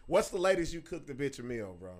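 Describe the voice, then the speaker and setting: A man co-hosting a podcast, talking in loud, crude, swearing banter with friends. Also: fairly high pitch, quick pace, a crowd in the background. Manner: loud, swearing, animated storyteller. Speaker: podcast co-host. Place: New Mexico.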